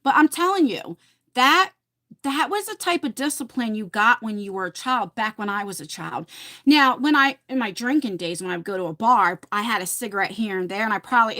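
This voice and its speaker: A woman's voice: a little high, a bit bright. A middle-aged woman hosting a casual livestream, telling chatty stories and talking to viewers in her chat. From New Jersey. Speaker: livestream host.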